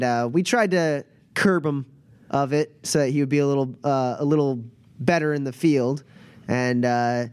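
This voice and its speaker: A man's voice: fairly high pitch, a little mellow, smooth, no room sound, lightly acted. A man voicing a tough, muscular alien biker woman who is blunt, guarded and streetwise, in a tabletop game.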